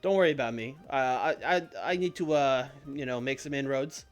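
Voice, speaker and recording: A man voicing a calm, smug male wrestler who speaks in a measured, hesitant way. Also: mid-range voice, faint music behind, lightly acted.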